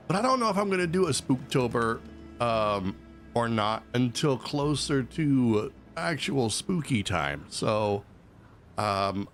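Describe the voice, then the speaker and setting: A man chatting casually as a streamer while he plays a game, rambling and joking along. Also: medium pitch. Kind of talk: casual gameplay commentary.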